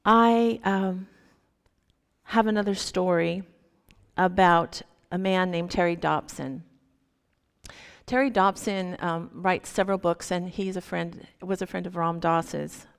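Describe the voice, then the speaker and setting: Slow, gravelly woman minister telling a story. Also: fairly low pitch, steady tone. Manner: unhurried, gentle storytelling. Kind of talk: sermon storytelling. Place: church sanctuary. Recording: long hall reverb.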